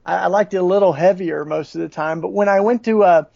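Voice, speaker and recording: Southern man, high voice, halting. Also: creaky, mellow, dry recording. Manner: halting, many restarts and fillers. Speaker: guest. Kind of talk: conversational storytelling. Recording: dull, dry lo-fi audio.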